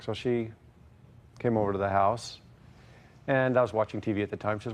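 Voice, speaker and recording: A man's voice: lowish voice, fairly quick, slight background noise. A man testifying at length in a courtroom, hesitant and wordy, repeating stock phrases. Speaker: litigant in a courtroom show.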